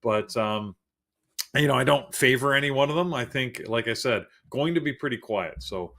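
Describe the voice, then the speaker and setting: A man's voice: medium pitch, expressive, normal speed, vocal fry, fairly bright tone. Rambling male trading co-host. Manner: rambling, self-deprecating, frequent fillers and asides. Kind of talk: live market commentary.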